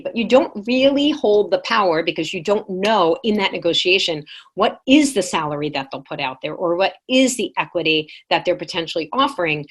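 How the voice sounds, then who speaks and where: A woman presenting a live online workshop, lively and engaging, reading chat replies aloud to her audience. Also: lowish voice.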